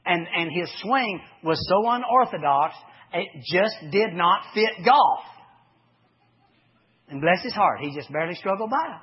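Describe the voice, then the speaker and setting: A man preaching a folksy sermon, swinging from loud to hushed as he tells sports stories. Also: high-pitched, lively intonation, unhurried, breathy edge. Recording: dull lo-fi recording.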